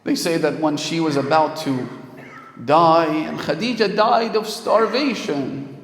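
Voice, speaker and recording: A man's voice: on the high side, measured pace, vocal fry. A man preaching a sermon, telling a story and swelling with emotion at key moments. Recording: echoey hall.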